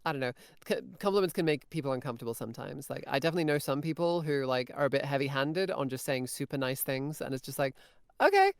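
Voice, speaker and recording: A woman's voice: a bass voice, quick pace, no echo, clean studio sound. A woman guest in a casual podcast chat, talking with lots of fillers and restarts and laughing easily.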